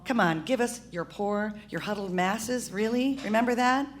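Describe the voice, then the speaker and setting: A woman's voice: medium pitch, normal speed. A woman in her sixties hosting a live comedy show, ranting passionately and stammering in her outrage. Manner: impassioned, stammering rant. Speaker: host and producer.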